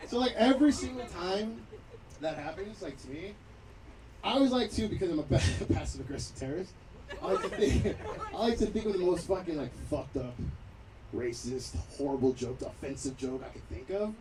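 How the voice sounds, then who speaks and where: High-voiced guy doing raunchy standup outside, mic kinda far off, crowd laughing behind. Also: animated, normal speed. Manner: crude, loud storytelling with acted quotes. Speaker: stand-up comedian. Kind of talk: stand-up set. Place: outdoor backyard patio show. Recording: distant mic, crowd noise.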